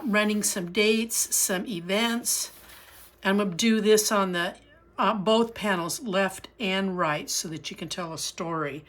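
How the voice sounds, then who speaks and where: A middle-aged woman talks viewers through a handmade album project in an easy, chatty way. She speaks slowly and at a middle pitch, often trailing off with fillers as she works with her hands. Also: a bit bright. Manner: chatty, with frequent fillers and restarts while working. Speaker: crafting channel host. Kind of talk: casual crafting tutorial narration.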